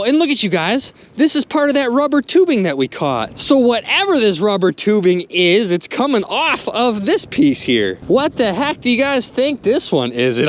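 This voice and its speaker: An excitable man narrates his magnet fishing finds from a boat on a river, talking straight to his viewers. His pitch swoops widely as he exclaims over each catch, and boat and water noise is clearly heard behind him. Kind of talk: excited outdoor vlog narration.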